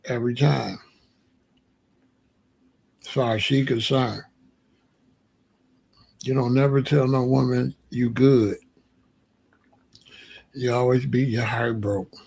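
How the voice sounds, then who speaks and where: A man's voice: medium pitch, fairly even intonation, takes it slowly, vocal fry, pauses often, darkish tone, slightly rough. A man hosting a casual commentary show, talking bluntly and joking, often laughing at his own points. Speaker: show host.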